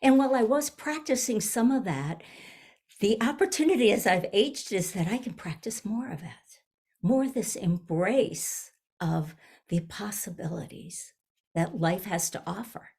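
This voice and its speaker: A woman in her seventies, a minister giving a gentle, reflective sermon, often pausing and restarting her phrases. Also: medium pitch, animated, creaky, husky. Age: 70s. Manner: gentle, searching, with frequent restarts. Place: online service.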